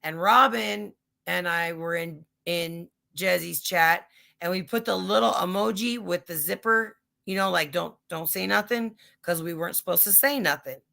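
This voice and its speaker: A woman's voice: fairly low pitch, moderate pace, vocal fry, pushed and bright. A woman hosting a casual livestream chat, telling rambling stories full of swearing. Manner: profane, rambling storytelling. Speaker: livestream host.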